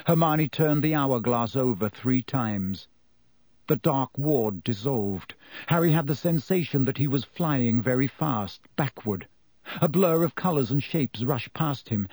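Brief: expressive audiobook narrator, male, lively pitch, close dry sound. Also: no echo. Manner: expressive storytelling. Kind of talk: scripted narration.

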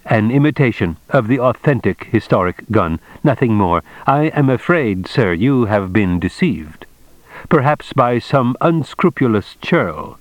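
A man reading an audiobook, voicing a courteous, stiffly formal male envoy who talks in slow, measured phrases. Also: mid-range voice, expressive, no room sound, lightly acted, poor audio. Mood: regretful.

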